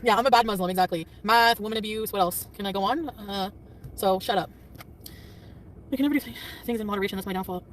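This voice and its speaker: A woman rattles through a casual livestream, defensive and quick to snap back at anyone in her chat. Her words tumble out at a hurried clip. She sits away from the mic, with a faint hum of traffic behind her. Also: mid-range voice, recorded from a distance. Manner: quick, defensive, often laughing and snapping back.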